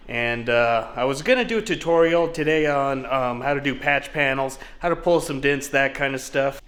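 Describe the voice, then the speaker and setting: A young man casually hosting a hands-on car restoration vlog from his home garage, explaining his steps in a relaxed, joking way. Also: medium pitch. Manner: chatty, jokey, relaxed explaining. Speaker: host of a car restoration channel.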